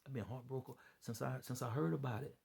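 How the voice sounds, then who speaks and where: A man's voice: mid-range voice, quick pace, gravelly, a little mellow, breathy edge. A tired man rambling through an earnest, preachy monologue to his followers, often repeating himself. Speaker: vlogger giving religious commentary.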